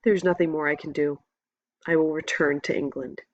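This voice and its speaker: A woman voicing a gravely wounded older male captain, speaking in a slow, measured, solemn way in an audiobook reading. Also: sits low, steady tone, dry recording, lo-fi sound. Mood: grave, weary.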